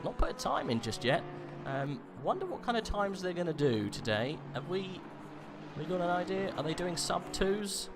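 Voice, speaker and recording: A man's voice: high-pitched, sing-song, normal speed, noisy background. A man commentating an online sim race, chatty and playful, rambling with fillers as he calls positions and jokes with his co-host. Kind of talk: live race commentary with banter. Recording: music bed behind the voice.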